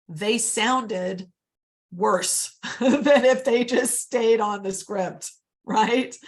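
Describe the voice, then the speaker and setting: Speaking through a computer mic, this woman runs a live online coaching session for real estate agents. She is upbeat and chatty, frequently calls her audience guys, and talks at a medium pitch with vocal fry.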